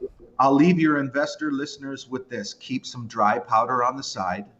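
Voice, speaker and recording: A Canadian man in his fifties, appearing as a podcast guest, chats casually, rambling and poking fun at himself through animated storytelling. His voice is medium-pitched at normal speed, and the recording is muffled.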